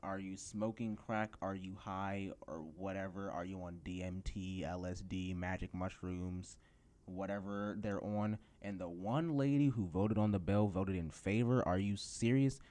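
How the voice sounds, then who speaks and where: A man's voice: low-pitched, steady tone, a little slow, mellow. A teenage guy hosting a solo podcast, ranting sarcastically about his job hunt. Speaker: podcast host.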